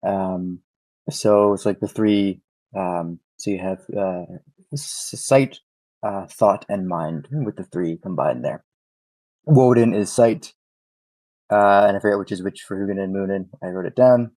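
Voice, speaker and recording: A man's voice: sits low, unhurried, mellow, no room sound, poor audio. A man narrating as game master for a tabletop game, rambling with lots of fillers as he describes the scene.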